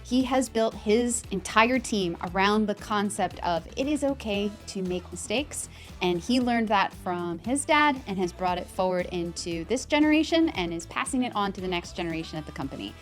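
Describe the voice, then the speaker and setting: A woman's voice: medium pitch, expressive, normal speed, few pauses, soft background music. A woman hosting a podcast interview, earnest and upbeat, laughing easily with her guest. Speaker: podcast host. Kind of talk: conversational interview.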